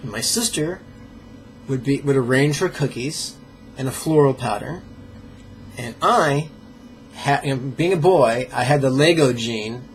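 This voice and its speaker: A man leading a pronunciation drill as a meditation teacher, playful and joking, sounding out syllables slowly and carefully. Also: medium pitch, soft background music. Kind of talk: pronunciation drill in a live lesson.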